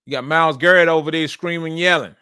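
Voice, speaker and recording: A man with a bright, forceful voice and a slightly high pitch gives loose, casual football commentary. He repeats his points for emphasis and speaks in a colloquial way. The sound is dry and close, with little room echo. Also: steady tone, quick pace, smooth. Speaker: sports show host.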